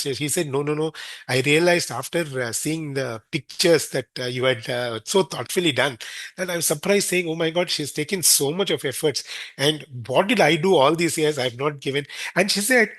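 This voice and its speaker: In a fairly high, somewhat bright voice at a moderate pace, the senior care expert with an Indian accent rambles through an anecdote on a podcast. He keeps acting out what others said, and the recording is dry.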